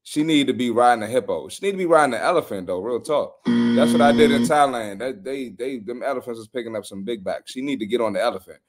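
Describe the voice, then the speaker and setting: A man's voice: mid-range voice, fast, soft background music. Blunt slangy male podcast host. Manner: blunt, animated, slangy trash talk. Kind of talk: casual reaction commentary.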